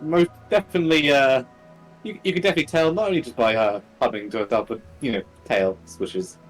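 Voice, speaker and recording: A man's voice: mid-range voice, fairly quick, faint music behind. A man playing a tabletop game, describing his character in a playful, upbeat, slightly hesitant way. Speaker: player. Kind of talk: tabletop role-play chat.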